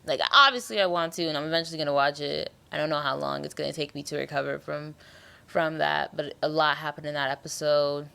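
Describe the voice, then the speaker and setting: A woman's voice: sits low, fairly even intonation, brisk, creaky, sharp tone, smooth. A young woman hosting a podcast, recapping a TV episode in casual, slangy and emotional chat. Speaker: podcast host.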